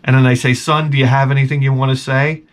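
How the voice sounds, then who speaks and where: A middle-aged man hosting a video, telling a casual, rambling story to camera with jokes and sudden excited jumps in his voice. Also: mid-range voice, quick pace, slight background noise. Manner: rambling and jokey, voice jumping up when excited. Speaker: video host.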